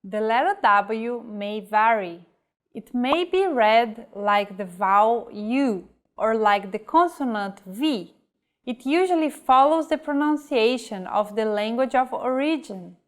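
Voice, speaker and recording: Slow, careful woman teacher. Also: on the high side, animated. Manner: slow, careful, enunciating example words. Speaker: language teacher. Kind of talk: slow scripted pronunciation lesson.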